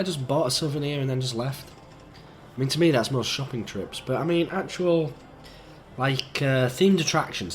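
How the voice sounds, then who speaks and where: Croaky, sick young man. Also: mid-range voice, a little hiss or hum. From England. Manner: rambling, chatty, easygoing. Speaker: gaming YouTuber. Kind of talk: rambling let's-play commentary.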